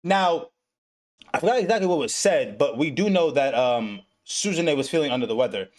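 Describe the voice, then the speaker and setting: A young man recapping an anime episode in casual, profane, animated storytelling, acting out the characters' lines as he goes. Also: on the high side, fairly quick. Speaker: podcast host recapping an anime. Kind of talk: casual chat.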